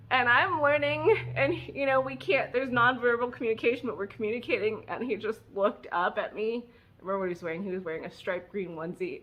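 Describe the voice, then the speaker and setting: A woman's voice: medium pitch, muffled recording. A woman vlogger telling her own story casually, candid and emotional, with fillers and self-mocking laughs. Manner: animated, acting out her own past words.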